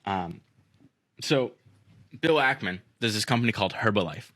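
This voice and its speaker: Young man, deep voice, forceful, casual chat, swears a lot, many fillers. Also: animated, moderate pace, no room sound. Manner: profane, rambling with many fillers. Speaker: podcast host.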